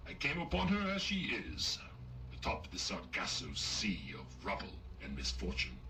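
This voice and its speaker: A pompous robot sea captain. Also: male voice, sits high, lively intonation, normal speed, roomy sound, far from the mic, a crowd in the background, low-quality recording. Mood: grandiloquent. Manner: grandiose, old-fashioned naval speech. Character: pompous male robot ship captain, commanding. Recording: game audio with loud background hum.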